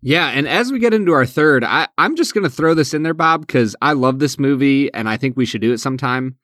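A man's voice: mid-range voice, animated, fairly quick, a bit bright, no echo, clean studio sound. A man co-hosting a podcast, talking earnestly and restarting his sentences. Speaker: podcast co-host. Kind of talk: casual chat.

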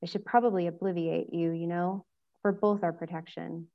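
A woman's voice: on the low side, steady tone, normal speed, muffled recording, lightly acted. A woman voicing a brooding, sardonic older male wizard who drawls his lines dryly. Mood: drawling. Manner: dry, drawling.

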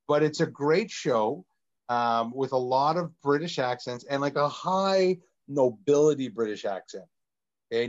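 A man co-hosting a podcast, teasing his co-host in casual banter and talking fast in bursts. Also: mid-range voice. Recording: dull lo-fi sound.

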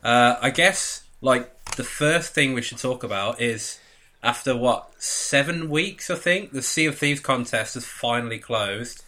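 A man's voice: medium pitch, lively intonation, unhurried, sharp tone. A man hosting a podcast, chatting in a rambling, talkative way and laughing easily. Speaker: podcast host. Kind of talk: casual chat.

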